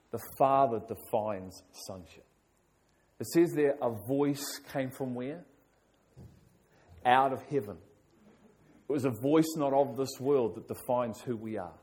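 A middle-aged man delivers a sermon from the pulpit at a moderate pitch. He preaches with emphasis, hammering home his points by repeating key phrases. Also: unhurried, long pauses, a little mellow. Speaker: pastor.

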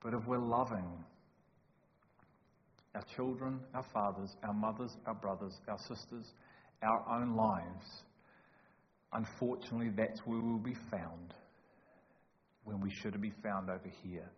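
A man preaching a sermon in a church hall, emphatic and joking, swinging from loud to hushed. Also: lowish voice, a little slow, long pauses. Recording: echoey hall, dull lo-fi sound, faint noise.

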